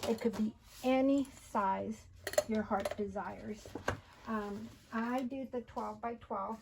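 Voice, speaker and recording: A woman's voice: on the high side, fairly even intonation, slow pace, creaky. A woman hosting a casual paper-craft tutorial, chatting and counting aloud as she folds and cuts, recorded with noise and handling clicks. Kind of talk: casual hands-on craft demonstration.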